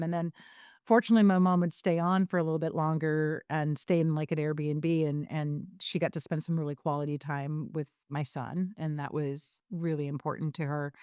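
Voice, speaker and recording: A woman's voice: low voice, darkish tone, clear, resonant tone, no echo, studio quality. A woman guest on a podcast telling her story candidly, rambling with many fillers and restarts.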